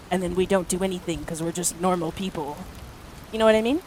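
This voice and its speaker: A woman's voice: lowish voice, quick pace, a little mellow, slight background noise. A woman streamer chatting casually to her live viewers, rambling through stories with lots of filler words and casual swearing. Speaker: art streamer.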